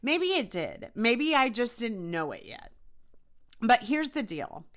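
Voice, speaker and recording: A woman's voice: on the high side, slow. A young woman hosting a podcast, telling a personal ghost story in a chatty way with many fillers. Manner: chatty, animated retelling with frequent fillers. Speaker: podcast host. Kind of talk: casual storytelling.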